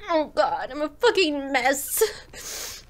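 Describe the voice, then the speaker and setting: High-voiced tearful woman gaming. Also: sing-song, slow, soft background music. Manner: tearful, gushing, swears freely. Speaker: let's play streamer. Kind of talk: emotional gameplay commentary.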